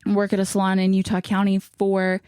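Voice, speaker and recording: A woman's voice: mid-range voice, completely flat delivery, normal speed, a little mellow, clean tone, dry recording, studio quality. A young woman hosting her podcast in casual chat, upbeat and laughing often, a little out of breath, recording in a small closet alcove. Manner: chatty, upbeat, laughs often, says y'all. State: a bit out of breath. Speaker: podcast host.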